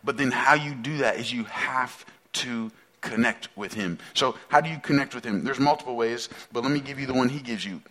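A man's voice: mid-range voice, a little fast, hardly any pauses, pushed and bright. A male pastor preaching a sermon in a conversational way, asking the listeners many questions and repeating phrases for emphasis.

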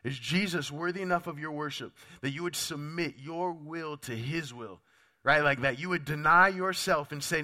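A man's voice: fairly high pitch, normal speed, sharp tone. A man preaching a sermon, his voice sounding off from a lingering cough illness, talking conversationally and putting direct questions to the congregation. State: sick, voice sounds off. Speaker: pastor.

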